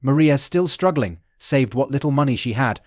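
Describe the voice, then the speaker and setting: Man, story narrator, steady even delivery, mid pitch, dry close sound. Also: normal speed, no echo.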